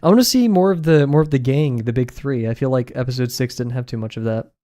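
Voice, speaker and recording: A man's voice: mid-range voice, quick pace, warm tone. A man chatting casually while drawing on a livestream, rambling with frequent laughs and fillers. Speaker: streamer.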